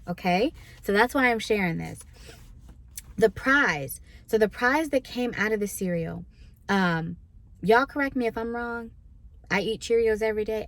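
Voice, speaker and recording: A woman's voice: mid-range voice, fairly quick. A woman minister giving a casual devotional teaching, talking conversationally and often checking in with "right?". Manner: conversational, asks listeners "right?"; acts out listeners' complaints in quoted voices.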